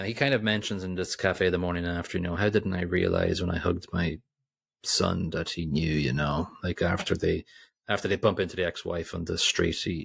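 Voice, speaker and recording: A man with a deep, gravelly voice talks through a film in a loose, rambling way. The sound is dry and close, with no room around it. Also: a bit bright, no room sound. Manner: rambling, many restarts and asides. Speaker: podcast co-host. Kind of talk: casual film review chat.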